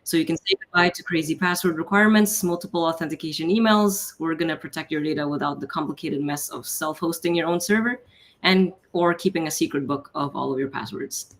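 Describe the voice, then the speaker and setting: A man with a West Coast American accent delivering a startup pitch, speaking clearly and at a measured pace. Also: fairly bright tone. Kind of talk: rehearsed pitch then answers.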